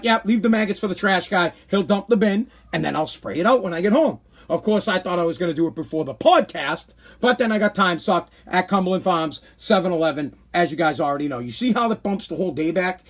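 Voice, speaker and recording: Podcast host, man in his thirties, high voice, worked-up casual rant. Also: breathy edge. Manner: animated, exasperated ranting. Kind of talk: casual ranting monologue.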